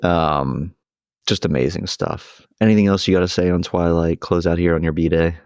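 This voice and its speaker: A man's voice: deep voice, steady tone, moderate pace, darkish tone, clear, resonant tone, no echo, clean studio sound. A young man co-hosting a podcast in casual chat, laughing often as he retells scenes. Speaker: podcast co-host.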